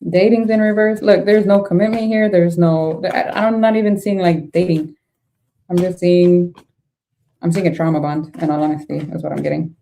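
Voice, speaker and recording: A woman's voice: lowish voice, fairly even intonation, moderate pace, creaky, warm tone, slight background noise. A young adult woman giving a casual tarot reading to camera, blunt and exasperated, swearing freely as she reacts to the cards. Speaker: tarot reader.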